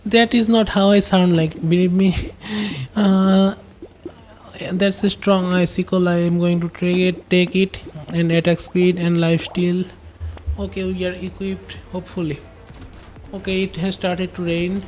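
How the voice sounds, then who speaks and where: A woman's voice: lowish voice, little pitch movement, unhurried, a little mellow, slight background noise. A woman commenting on her game during a livestream, musing aloud and rambling in asides to her chat. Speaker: game streamer.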